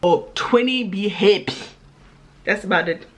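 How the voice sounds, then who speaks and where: A woman's voice: medium pitch, measured pace, a little hiss or hum. A woman talking straight to camera in a casual vlog, sassy and emphatic, stacking up repeated phrases. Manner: sassy and emphatic, lively repetitions. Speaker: vlogger.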